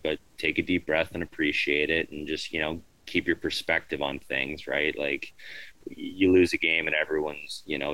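Deep, bright-edged male athlete, dry close sound, easygoing interview answers. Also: no echo, low-quality recording. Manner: laid-back, rambling, frequent "right?" and "you know". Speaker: professional hockey player, guest.

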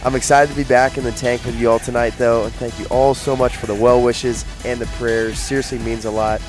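A man hosting a pregame show with energetic, playful hype, his voice nasal and congested from the flu. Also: mid-range voice, brisk, over music. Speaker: arena gameday show host. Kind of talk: upbeat promotional hosting.

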